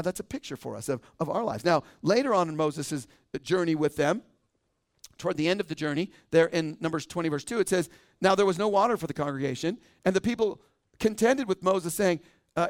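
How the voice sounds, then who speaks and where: A man preaching as teaching pastor in a radio sermon, reading scripture and acting out quoted complaints with laughs. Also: on the high side.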